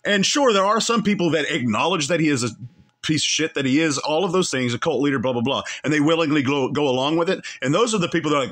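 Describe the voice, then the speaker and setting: Heated man ranting with lively pitch. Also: quick pace. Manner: heated, repetitive, emphatic insults. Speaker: commentary show host. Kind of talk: angry commentary on clips.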